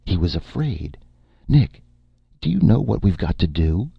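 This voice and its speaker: A man voicing a capable woman agent in a spoken story, raising his pitch, brisk and insistent. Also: very animated, gravelly, slightly rough, no room sound, full character voice. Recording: dull lo-fi, dry.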